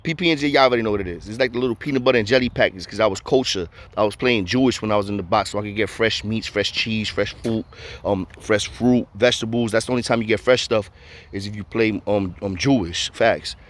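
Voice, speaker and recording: A man's voice: on the low side, fast. A man telling a story in a casual way, full of street slang and acting out the voices of the people in it.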